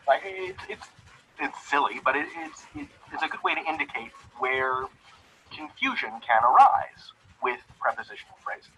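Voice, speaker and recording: A man's voice: medium pitch, big pitch swings, moderate pace, pushed and bright, breathy edge. A man teaching grammar in a recorded video lesson, enthusiastic and chatty, with casual fillers. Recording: lo-fi video played back.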